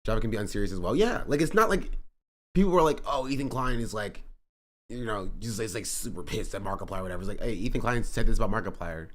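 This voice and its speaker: A man commentating on a live stream in a casual, rambling way, often jumping up in pitch when he gets worked up. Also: quick pace. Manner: animated, rambling, jumps up in pitch when riled. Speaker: streamer reacting to a podcast clip.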